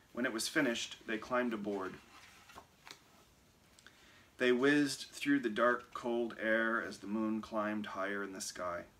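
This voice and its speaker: Bright-voiced man reading a storybook aloud. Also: on the low side. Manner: expressive, lively. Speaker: reader. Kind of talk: reading a picture book aloud.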